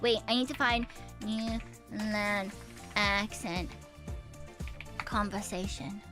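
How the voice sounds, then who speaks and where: A woman's voice: medium pitch, fairly even intonation, slow, music in the background. A woman from eastern Canada streaming and chatting casually with viewers. She laughs easily and swears freely. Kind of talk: casual livestream chat.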